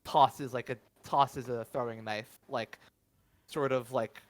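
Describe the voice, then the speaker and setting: A man's voice: medium pitch, steady tone, slow pace, slight background noise. Male game master, casual narration, lots of "uh" and "like" restarts. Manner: hesitant, many fillers and restarts.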